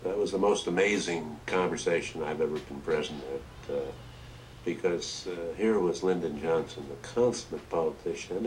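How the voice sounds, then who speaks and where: A man recalling a meeting he witnessed, in a documentary interview, thoughtful with pauses. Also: deep voice, far from the mic, a little hiss or hum, low-quality recording. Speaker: interviewee, eyewitness.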